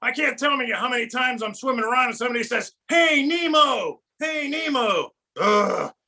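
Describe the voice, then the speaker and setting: A man's voice: extremely high pitch, expressive, moderate pace, heavily acted. A man doing a brash punning puppet comic. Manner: punny, brash, shouting punchlines. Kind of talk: stand-up comedy with puppet.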